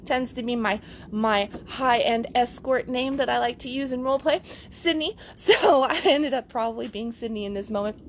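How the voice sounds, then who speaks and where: Woman, middle-aged, relationship coach, casual vlog storytelling, candid, laughs easily, higher pitch. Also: moderate pace, few pauses, slight background noise. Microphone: camera mic.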